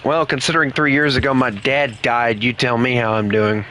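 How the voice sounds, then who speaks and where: A man's voice: mid-range voice, fairly even intonation, normal speed, bright, forceful tone, slight background noise. A man chatting casually at home while he plays an online game with friends, rambling and joking with his teammates. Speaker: gaming streamer. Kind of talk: casual chat while gaming.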